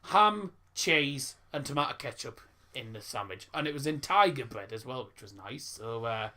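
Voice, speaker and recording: A man's voice: mid-range voice, animated, moderate pace, sharp tone. A young man, hosting a casual live football stream and rambling through stories and viewer messages with lots of restarts. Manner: rambling, stumbles and repeats words.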